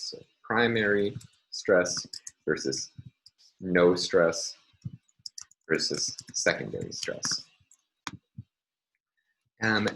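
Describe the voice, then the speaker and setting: A man's voice: sits low, a bit bright, low-quality recording. A man giving a recorded university phonology lecture, explaining step by step with frequent ums and uhs.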